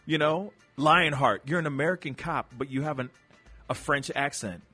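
A man hosting a podcast in casual chat, animated and breaking into playful impressions of actors. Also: fairly high pitch, normal speed, husky, soft background music. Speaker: podcast host.

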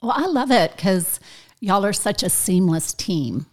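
A woman with a Southern US accent hosting a casual interview, talking in a warm and encouraging way. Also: mid-range voice, big pitch swings, unhurried. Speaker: host.

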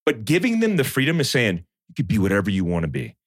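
Fairly low in pitch and quick in pace, this thirty-something man tells an animated story in casual chat, performing the quotes as he goes. The sound is dry and studio quality.

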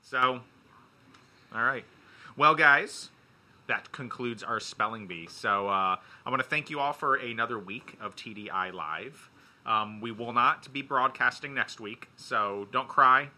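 A man's voice: medium pitch, measured pace, sharp tone. A man hosting a casual podcast from Ohio, joking and self-mocking as he wraps up the episode. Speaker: podcast host.

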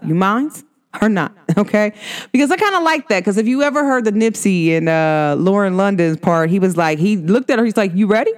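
Chatty lower-voiced woman host. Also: clear, resonant tone. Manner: animated, chatty, many "like" fillers and restarts. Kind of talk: casual talk show monologue.

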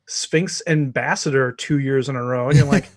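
A man's voice: mid-range voice, fairly even intonation, moderate pace, dry recording, studio quality. A man co-hosting a podcast in casual chat, wry and teasing. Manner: wry, teasing, laid-back. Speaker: podcast co-host.

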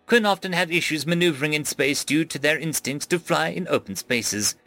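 A man voicing a calm, formal male AI ship core with flat, precise phrasing. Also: on the high side, brisk, faint music behind, pitched above the performer's own voice. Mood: measured.

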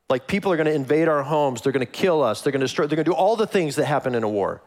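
Lively man preaching. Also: a little high, rapid-fire, few pauses. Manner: animated, acts out quoted lines. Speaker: pastor. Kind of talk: conversational sermon.

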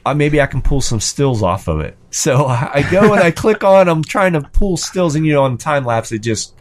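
A man in his thirties or forties tells a rambling story in a relaxed, everyday voice. He stumbles over fillers and restarts, and his pitch jumps way up whenever he acts out a quoted line. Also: moderate pace. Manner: animated, rises sharply when quoting himself and his son. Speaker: storyteller in a hobby chat. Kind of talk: casual anecdote.

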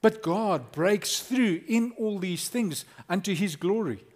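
A man preaching a lively, conversational sermon as a pastor, acting out quotes. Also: high voice, slow pace.

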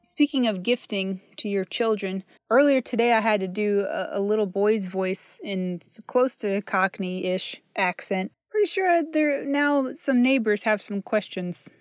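A woman's voice: mid-range voice, unhurried, few pauses. A woman hosting a comedy show, chatting casually with rambling, self-deprecating asides. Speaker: podcast host and voice actor. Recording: music playing behind.

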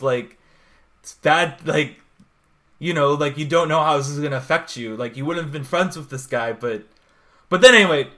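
A man's voice: fairly high pitch, moderate pace, a bit bright. A man, co-hosting a podcast and rambling animatedly, full of "like", acting out the scenes he retells. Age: 20s. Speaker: podcast co-host. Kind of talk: casual chat.

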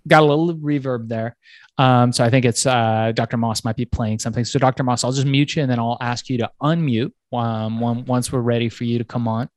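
A man co-hosting a podcast, friendly and quick, sometimes halting over words. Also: mid-range voice, steady tone, no echo. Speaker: podcast co-host. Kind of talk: casual talk-show chat.

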